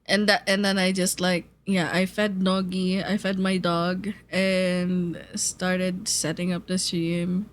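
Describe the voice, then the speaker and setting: Slow-talking giggly woman streamer. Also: fairly low pitch, completely flat delivery. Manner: giggly, laughs often mid-sentence; chatty and loose, swears casually. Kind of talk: casual stream chat.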